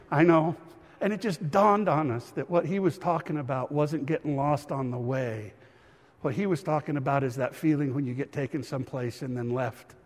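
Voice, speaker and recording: A middle-aged pastor with a slightly high, mellow voice preaches a sermon in a reverberant church hall. He tells a family story, acts out a child's voice when quoting, and calls his listeners friends.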